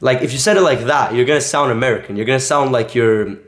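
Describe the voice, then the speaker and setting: A man's voice: medium pitch, fast. A young man teaching casually in a vlog, rambling with lots of filler words. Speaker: language coach. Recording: echoey room.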